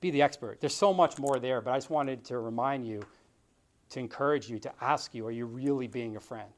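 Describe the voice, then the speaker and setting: A man's voice: medium pitch, fairly quick. A man in his thirties giving an earnest, conversational motivational talk as a realtor and author, often calling his listeners guys.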